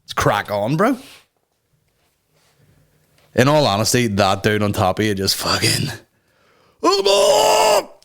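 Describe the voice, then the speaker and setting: A man's voice: lowish voice, expressive, a little slow, pauses often, fairly bright tone. A young man hosting a comedy podcast, crude and sarcastic, swearing often as he rants and mocks people in put-on voices. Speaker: podcast host.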